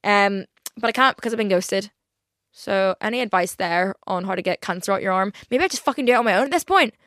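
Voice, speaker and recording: A woman's voice: mid-range voice, animated, fast, fairly bright tone, dry recording, clean studio sound. A young woman chatting on her own podcast, rambling with lots of "like" fillers and frequent swearing. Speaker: podcast host. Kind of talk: casual solo podcast chat.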